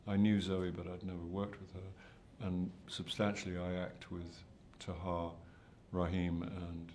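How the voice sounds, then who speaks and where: A man's voice: low voice, flat delivery, measured pace, darkish tone, a little hiss or hum. An older man, an actor answering interview questions in a hesitant, self-deprecating way with many restarts. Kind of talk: press junket interview.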